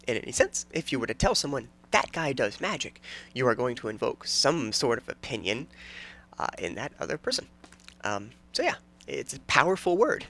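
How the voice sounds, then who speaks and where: A man in his thirties hosts a casual solo podcast, wandering from thought to thought and tripping over his own sentences. His voice is bright and gravelly. His pitch swings widely as he jokes along. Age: 30s. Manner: rambling, self-interrupting and jokey. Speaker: podcast host.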